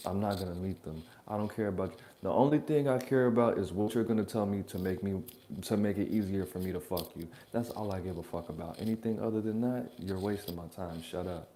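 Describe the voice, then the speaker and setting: A man's voice: sits low, brisk, dark tone, a little hiss or hum. A man hosting a reaction channel, rambling through blunt, profane, joking advice in a casual monologue from his apartment.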